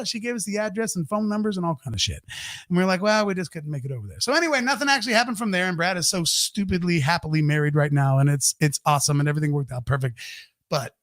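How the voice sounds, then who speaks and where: A man hosting a podcast, telling an anecdote in a casual, animated and profane way, acting out the voices of the people in it. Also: high voice, rapid-fire, dry recording, studio quality. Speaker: podcast host. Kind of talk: casual storytelling.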